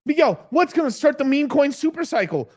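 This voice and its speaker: A man's voice: very high-pitched, big pitch swings, fairly quick, darkish tone. A man hosting a casual live stream, hyped and joking, with plenty of swearing. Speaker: livestream host.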